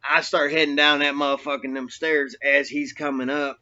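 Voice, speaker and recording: Forceful, profane man telling a prison story. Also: on the high side, little pitch movement, normal speed, lo-fi sound. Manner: profane, rambling, streetwise slang. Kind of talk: casual storytelling monologue.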